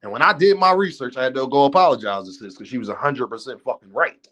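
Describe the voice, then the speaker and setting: A man's voice: mid-range voice, fast talker, fairly bright tone. A man hosting a livestream, ranting bluntly and profanely and talking straight to his chat. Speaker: livestream host. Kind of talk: unscripted livestream rant.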